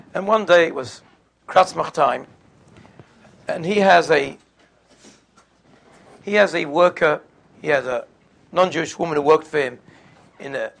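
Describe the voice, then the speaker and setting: A man with a gravelly, somewhat high voice tells stories in a sermon. His delivery is conversational and unhurried. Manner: conversational, sprinkles in Yiddish and Hebrew terms. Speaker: religious speaker. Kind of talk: storytelling sermon.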